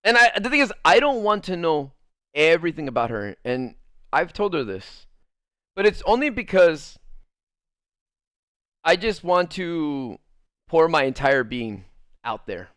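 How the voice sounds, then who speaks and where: A fairly high-voiced man spinning a story off the cuff, swearing freely and jumping into quoted voices as he goes. The sound is close and dry, with no room heard. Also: unhurried, long pauses, smooth, dry recording. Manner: swears a lot, tells the story with lively re-enacted quotes; laughs easily while telling the story. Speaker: streamer. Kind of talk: casual storytelling.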